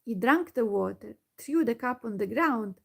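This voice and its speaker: Gravelly woman reading a bedtime story softly. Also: a little high, expressive, normal speed. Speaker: ASMR storyteller.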